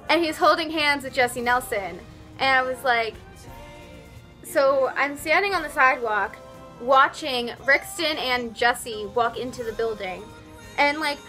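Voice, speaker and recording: A young woman rambles breathlessly through a storytime vlog, her voice bright and a touch high. She stumbles and restarts, dropping "like" every few words, and her voice sounds slightly worn. Soft music plays faintly underneath. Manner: rambly, flustered, lots of "like". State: voice a bit worn after losing it at a concert. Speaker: vlogger.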